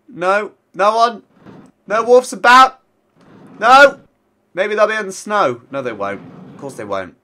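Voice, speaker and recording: Male let's-play host, stuffy from a cold, slow unhurried delivery with sharp bright tone, chatty self-talk. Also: high-pitched, lively intonation. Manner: chatty, talks to himself and the animals. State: congested from a cold. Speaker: gaming channel host. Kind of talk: casual Minecraft let's-play commentary.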